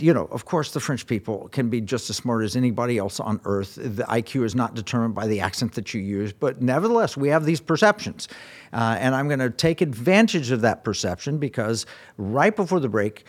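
A man hosting a radio talk show, chatting casually and reading quoted passages aloud with asides. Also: mid-range voice.

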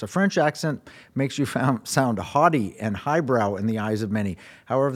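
A man hosting a radio talk show, speaking with enthusiasm as he reads quotes aloud and introduces his guest. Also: mid-range voice.

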